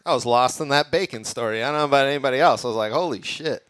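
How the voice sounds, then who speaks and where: A man performing a crude, deadpan stand-up comedy set on a comedy club stage. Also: mid-range voice, very fast, slight background noise. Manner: deadpan punchlines, crude jokes.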